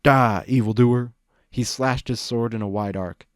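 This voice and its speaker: A man reading a fan fiction story aloud, with steady narration. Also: lowish voice, moderate pace, no room sound, studio quality. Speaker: reader.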